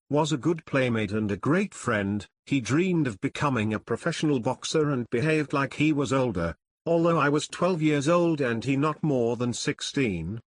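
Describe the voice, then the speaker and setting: Male audiobook narrator, unhurried nostalgic storyteller, dry booth sound. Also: medium pitch, no echo. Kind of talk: storytelling narration, first person memoir.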